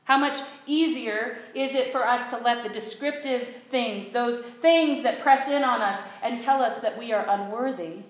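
A woman preacher delivering an earnest sermon in a church sanctuary, leading the congregation in call-and-response. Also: fairly high pitch. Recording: very echoey church hall.

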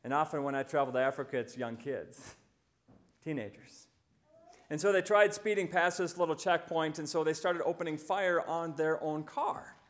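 Storytelling male preacher, higher-pitched. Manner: storytelling, slowing right down for emphasis. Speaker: visiting pastor. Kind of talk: sermon.

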